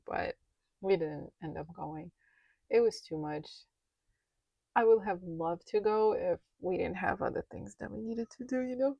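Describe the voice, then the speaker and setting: A woman's voice: on the low side, steady tone, moderate pace, creaky, dark tone, no room sound. A woman vlogger chatting casually while counting cash into budget envelopes aloud, sometimes dropping to a near-whisper.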